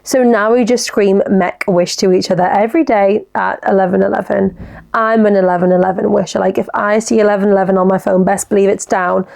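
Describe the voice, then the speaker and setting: Chatty young woman with gravelly fry. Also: medium pitch, fairly even intonation, fast, a little mellow. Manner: chatty, giggly, reacts aloud to listener messages. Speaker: podcast host. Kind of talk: casual solo podcast chat.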